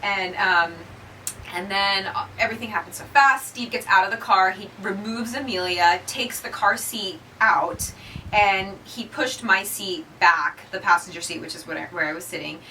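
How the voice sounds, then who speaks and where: A woman's voice: mid-range voice, normal speed, recorded from a distance, a little hiss or hum, rough recording. Chatty woman telling a story. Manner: chatty, animated retelling with acted-out quotes. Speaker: podcast co-host. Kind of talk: casual birth story chat.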